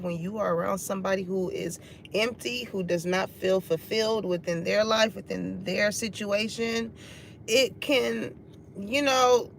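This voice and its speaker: A woman's voice: on the high side, gravelly, slight background noise. Laughing casual woman reading tarot. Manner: laughs often, sings song snippets, swears casually. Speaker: tarot reader.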